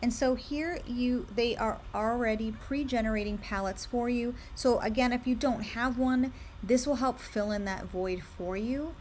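A young woman who owns a candle brand runs a screen-share tutorial, chatting casually while clicking through design tools, upbeat and full of recommendations. Her voice is fairly high, a little mellow, and measured, with hardly any pauses. A slight hiss or hum sits in the background.

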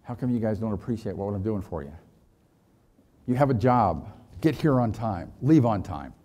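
A man's voice: on the low side, sing-song, moderate pace, dark tone, voice pushed down. A man voicing a stern, penny-pinching male farmer in a parable, scolding his animals. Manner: scolding, indignant.

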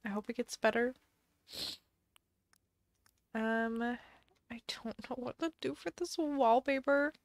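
Slow, chatty woman streamer thinking aloud. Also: a little high, no room sound. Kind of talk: casual live game stream chat.

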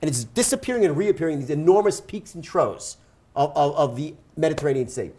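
A man telling a wild story as a guest speaker, in an animated way and acting out the voices he quotes. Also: fairly high pitch, brisk.

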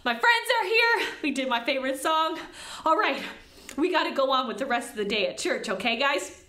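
A woman leading a preschool church service, talking in an exaggerated, sing-song, excited way to small children. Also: high voice, a little fast. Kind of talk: lively preschool church host. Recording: echoey room.

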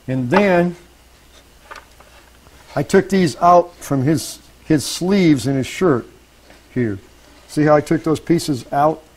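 A man's voice: a little high, darkish tone, low-quality recording. A man giving a live woodworking demonstration to an audience, talking as he works, restarting phrases and checking in with the room. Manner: talks while working, self-correcting, asks audience checks. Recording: faint background noise.

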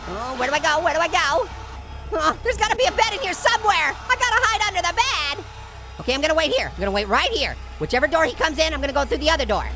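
A woman giving excitable, jokey let's-play commentary as a video game streamer, talking to her viewers as she plays. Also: high voice, fast, over music.

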